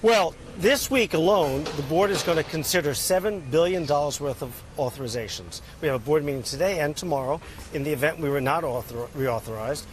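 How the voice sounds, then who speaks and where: A man's voice: on the high side, brisk, a little hiss or hum. Upbeat man fielding interview questions. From United States. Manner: upbeat, talks in figures, frequent "uh" fillers. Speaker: export bank chairman, interview guest. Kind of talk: news interview answers.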